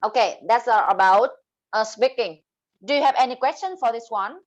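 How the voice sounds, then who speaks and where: A woman with a Vietnamese accent teaching an English speaking class, explaining terms and slowly modeling example sentences. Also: fairly high pitch, lo-fi sound. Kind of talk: online class lesson.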